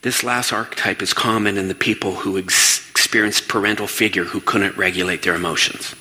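Energetic man with a bright voice in a reverberant hall. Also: lowish voice, brisk. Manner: energetic, asks the audience questions and acts out quoted voices. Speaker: speaker addressing an audience. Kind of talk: lively stage talk. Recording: long reverb of a large hall.

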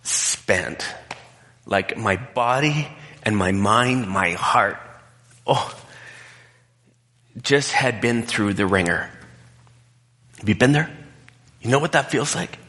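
A man's voice: lowish voice, lively intonation, slow, long pauses, pushed and bright, in a large hall. A male pastor preaching a conversational sermon, telling a personal story in a candid, emotional way.

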